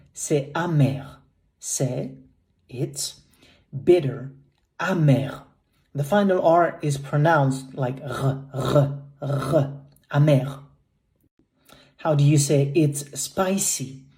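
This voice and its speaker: A woman teaching French vocabulary, saying each word slowly and carefully and repeating it. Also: extremely low pitch, warm tone.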